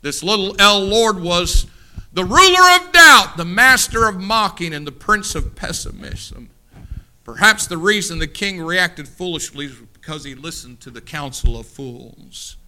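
A man preaching a sermon to his congregation, building to shouted peaks and slowing for emphatic repeated lines. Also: high-pitched. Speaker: pastor.

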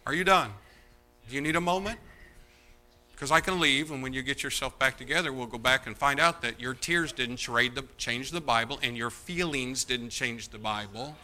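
A man preaching a sermon as pastor, animated and mocking, swinging between loud outbursts and hushed asides. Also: medium pitch, moderate pace.

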